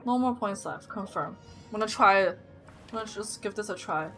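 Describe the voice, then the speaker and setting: A woman's voice: mid-range voice, a little fast, over music. Woman streamer narrating her gameplay. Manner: thinks aloud, gets loud and excited when things go wrong. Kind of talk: live gameplay commentary.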